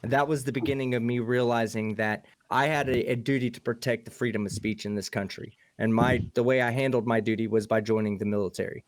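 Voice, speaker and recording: A man's voice: medium pitch, fairly even intonation, fast talker, hardly any pauses. A man on a casual live online panel, speaking earnestly and with strong opinions. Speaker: panel guest; military veteran. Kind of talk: casual livestream chat.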